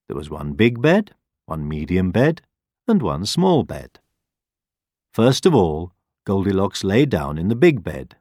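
A man narrating a children's story in a slow, very expressive voice. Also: sits low, husky, dry recording, studio quality. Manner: slow and very expressive, rising and falling.

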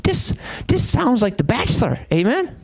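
A man's voice: very high voice, huge pitch swings, moderate pace, gravelly, husky. A man, preaching a sermon as pastor and throwing rhetorical questions at his congregation. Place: church sanctuary.

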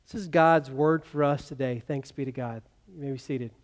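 A pastor preaches in a mid-range voice at normal speed, talking conversationally and posing rhetorical questions to the congregation. The long reverb of a church hall surrounds him.

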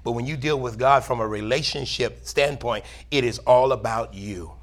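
A man's voice: mid-range voice, normal speed. Man preaching a sermon in church. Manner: preaching, calls for amen, reads scripture aloud. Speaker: pastor.

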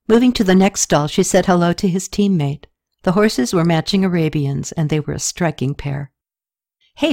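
A woman narrates an audiobook story in a steady, scripted reading, lifting her pitch slightly when voicing the characters' lines.

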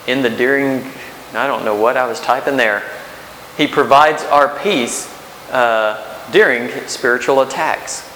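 A man's voice: mid-range voice, sharp tone. A man in his thirties preaching a sermon as pastor, conversational, with rhetorical questions and restarts. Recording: echoey hall with faint hiss.

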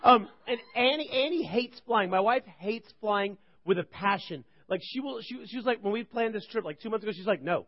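A man in his thirties preaching to a church group, telling funny stories in an animated, rambling way. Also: sits high, fairly quick, few pauses. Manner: animated, joking, rambling with restarts. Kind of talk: humorous sermon storytelling. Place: church service. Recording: dull lo-fi recording.

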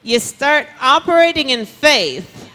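A female pastor preaching at a church service, reading scripture aloud slowly with emphasis. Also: sits high, big pitch swings, bright, forceful tone. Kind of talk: sermon. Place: church sanctuary. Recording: long reverb of a church hall.

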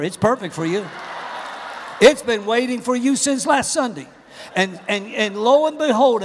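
A middle-aged man preaching a humorous, animated sermon in a large church auditorium. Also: high-pitched, big-room sound. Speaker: pastor.

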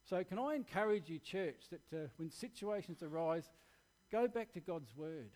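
An Australian man delivering a sermon to his church, earnest and candid as he shares his own story. His voice sits a touch higher than most men's, and he speaks plainly and directly. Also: expressive, moderate pace, darkish tone. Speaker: preacher.

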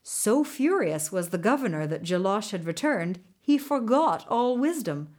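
A woman telling a folktale aloud in a measured, expressive way. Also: mid-range voice. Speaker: storyteller.

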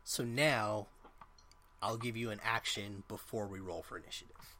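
A man's voice: lowish voice, fairly even intonation, normal speed, bright, forceful tone, slight background noise. A man narrating as game master in a tabletop game, casual and rambling with lots of fillers.

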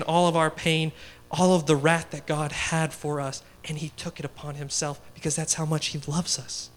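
A young man giving a casual, story-driven sermon, chatty and laughing as he talks. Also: on the high side. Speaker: guest speaker.

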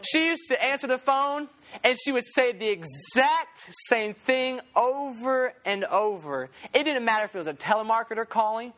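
Brief: lively woman youth preacher, higher voice, animated storyteller. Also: moderate pace. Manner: animated storytelling, acting out quotes. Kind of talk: sermon to a youth group.

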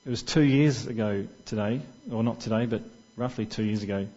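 A man's voice: on the low side, fairly quick, warm tone, muffled recording. A man preaching a sermon in church, talking conversationally and asking the congregation questions.

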